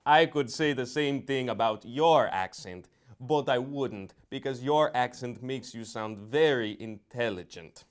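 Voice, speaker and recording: A man's voice: medium pitch, unhurried, natural voice. An actor improvising a polite, humble former bodybuilder man from North Carolina, with a North Carolina accent and an earnest, formal manner. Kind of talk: improvised comedy interview.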